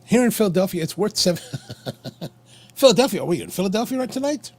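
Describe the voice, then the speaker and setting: A man's voice: high-pitched, animated, fairly quick, a little mellow. A man co-hosting a casual chat show over coffee and cigars, telling a rambling story with many restarts. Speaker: podcast co-host.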